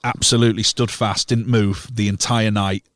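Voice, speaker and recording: A man's voice: fairly low pitch, flat delivery, moderate pace, a bit bright, dry recording. A man, a guest sound engineer in a studio, telling stories bluntly and emphatically in casual chat. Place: recording studio.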